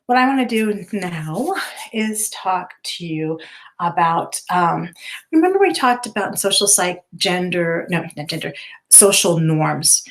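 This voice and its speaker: Woman, middle-aged, teacher, recorded lecture, conversational, tag questions, fillers, mid pitch.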